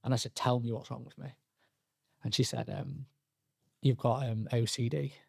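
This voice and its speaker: Young guy, gravelly voice, lots of restarts and "like", dry close sound. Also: mid-range voice, steady tone, darkish tone, no echo. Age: young adult. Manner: halting, frequent restarts and fillers, quoting himself and others. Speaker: podcast guest. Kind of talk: candid personal storytelling.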